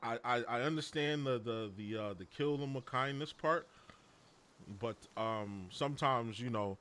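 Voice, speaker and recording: A man's voice: medium pitch, a little slow, a bit bright, clear, resonant tone. A man in casual chat who speaks bluntly and matter-of-factly.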